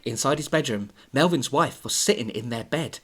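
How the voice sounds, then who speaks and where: A man hosting a podcast, reading a story aloud with giggly, animated asides. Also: mid-range voice, moderate pace, slightly rough. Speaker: podcast host and story reader.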